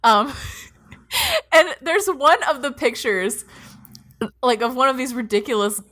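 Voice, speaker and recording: A woman co-hosting a podcast recaps anime episodes in casual chat, laughing often, swearing freely and padding her talk with fillers. Her voice is high-pitched, fairly bright and sing-song, and she speaks slowly.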